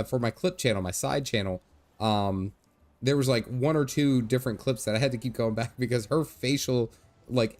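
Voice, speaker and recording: A man chatting casually on a game livestream, laughing often and reading game text aloud. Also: medium pitch. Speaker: gaming livestreamer.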